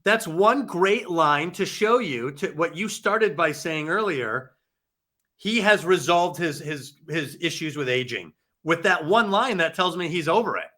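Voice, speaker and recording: A man's voice: a little high, animated, measured pace, pushed and bright. A man appearing as a guest author on a podcast, talking movies in an enthusiastic, jokey way. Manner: enthusiastic, jokey, laughs often. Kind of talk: casual film discussion.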